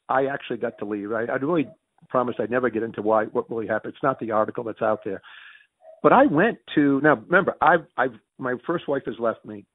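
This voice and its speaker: A man's voice: mid-range voice, dry recording. A middle-aged American man telling long personal stories in a conversation, jumping through them with restarts and quoted dialogue. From United States. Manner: rapid self-correcting anecdotes with quoted dialogue. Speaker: interview guest. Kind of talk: animated storytelling in conversation. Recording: dry sound over a phone-like line.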